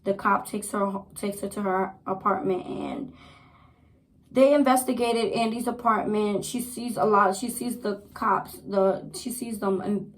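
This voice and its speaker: A young woman casually recapping a TV episode, chatty and animated, repeating herself as she goes. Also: mid-range voice, unhurried, low-quality recording. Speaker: TV show reviewer.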